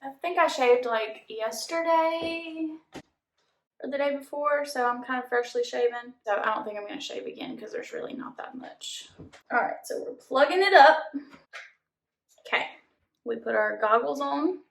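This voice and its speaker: A woman's voice: high-pitched, moderate pace, creaky, roomy sound. A woman, chatting nervously as she tests a beauty gadget on camera. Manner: chatty, nervous, says y'all. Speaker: beauty vlogger testing a product. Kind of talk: casual product test vlog.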